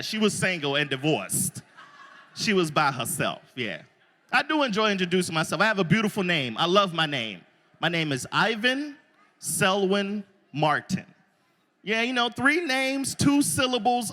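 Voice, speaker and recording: Man, stand-up comedian, from Florida, high voice, animated character voices, live audience. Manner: loud crowd work, acts out characters' voices. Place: live show before an audience.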